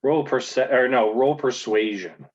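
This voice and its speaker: A man narrating a tabletop game as game master, calm and deliberate. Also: mid-range voice, breathy edge. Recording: muffled lo-fi recording.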